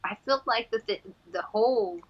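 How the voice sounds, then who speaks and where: A woman's voice: a little high, normal speed, highs cut off. A woman from Texas with a Texan accent, hosting a casual chat, rambling and laughing often. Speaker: host.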